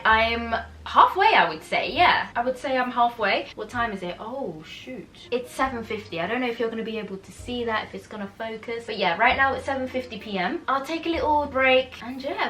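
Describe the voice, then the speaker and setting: A young woman in a casual reading vlog at home, chatting with animated, exasperated energy and laughing between thoughts. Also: on the high side. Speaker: book vlogger. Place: home room in the evening. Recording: voice a bit far from mic with music.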